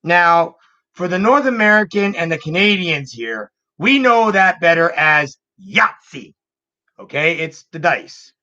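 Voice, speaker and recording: A man hosts his own online show in a loose, upbeat chat that rambles and circles back on itself. His voice sits a little high and sounds bright and forward. The recording is dull and lo-fi. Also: expressive, a little slow. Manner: rambling, repeats words, upbeat. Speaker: show host. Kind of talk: casual chat.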